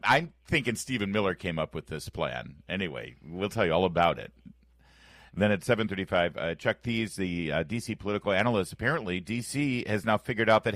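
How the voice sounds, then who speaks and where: A low-voiced man hosting morning talk radio from a studio, his delivery swooping up and down with emphatic, sarcastic flourishes. The sound is close and dry. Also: dry recording. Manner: emphatic, animated, playfully sarcastic. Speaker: radio talk show host. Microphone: studio microphone.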